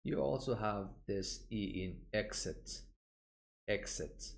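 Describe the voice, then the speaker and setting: A man teaching medical English from a textbook. He repeats terms slowly to model their pronunciation and often pauses with "uh" as he points to the page. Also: on the low side, creaky. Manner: slow, deliberate, models pronunciation by repeating words; frequent "uh" fillers, points at the page. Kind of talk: textbook walkthrough lesson.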